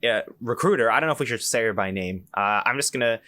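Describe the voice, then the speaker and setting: A man's voice: medium pitch, fast talker, pushed and bright, no echo. A young man hosting a podcast, telling a story in a casual, rambling way with many restarts and asides. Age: young adult. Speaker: podcast host.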